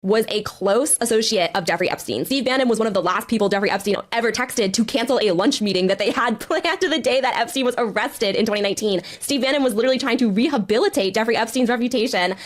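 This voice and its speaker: A woman's voice: a little high, fast, hardly any pauses. Indignant woman podcaster reciting facts. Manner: fact-laden, indignant. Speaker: podcast host and newsletter writer. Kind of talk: casual podcast conversation.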